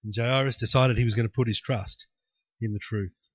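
A man's voice: mid-range voice, moderate pace, slightly rough, dry recording, highs cut off. A man preaching a sermon and acting out the people in the story. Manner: animated preaching, acting out voices. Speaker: pastor.

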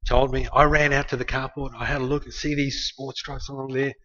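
A man's voice: mid-range voice, level tone, brisk, sharp tone. An Australian man preaching, telling a family story in a loose, conversational way with many restarts. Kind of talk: sermon storytelling. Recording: slightly muffled lo-fi recording.

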